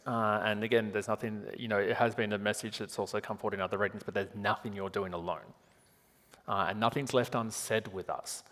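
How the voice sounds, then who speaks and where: A man's voice: lowish voice, fairly even intonation, fairly bright tone. Chatty Australian man on a stage mic. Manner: rambling, self-mocking, quick asides. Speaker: psychic medium on stage. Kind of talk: live stage reading, chatty and joking. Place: large theatre hall. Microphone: handheld microphone. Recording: hall reverb.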